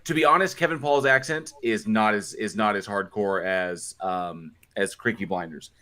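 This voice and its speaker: A man co-hosting a podcast in casual group chat, excitable and swearing freely, often stumbling over repeated words. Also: on the low side, moderate pace. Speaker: podcast co-host.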